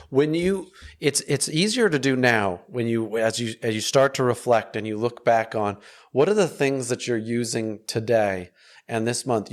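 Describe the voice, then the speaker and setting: Rambling male podcast host. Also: mid-range voice. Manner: rambling, repeats words while forming questions. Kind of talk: casual interview questions.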